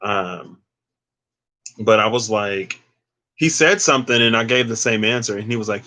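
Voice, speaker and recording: A young man with a low voice and a bright, crisp edge, talking through a tarot reading in a loose, casual way. He drifts into digressions and leans on fillers as he thinks aloud. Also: normal speed, long pauses. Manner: rambling, digressive, filler-heavy. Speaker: tarot reader.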